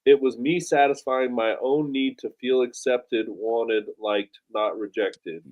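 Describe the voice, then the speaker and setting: A man's voice: medium pitch, unhurried, lo-fi sound. A man co-hosting a podcast, telling stories animatedly, swearing and acting out his own thoughts. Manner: animated storyteller, swears a lot, acts out his own inner voice. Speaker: podcast co-host. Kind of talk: casual podcast chat.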